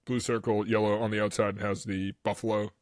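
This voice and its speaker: A man's voice: on the low side, level tone, a little fast, no room sound, clean studio sound. A man co-hosting a podcast. He tells rambling stories in casual chat, laughs easily and acts out the people he quotes. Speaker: podcast co-host.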